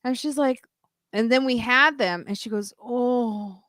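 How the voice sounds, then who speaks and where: Lively woman telling stories. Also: fairly high pitch, normal speed, dry recording, studio quality. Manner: animated storytelling with frequent laughs. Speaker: podcast host. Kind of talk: casual chat.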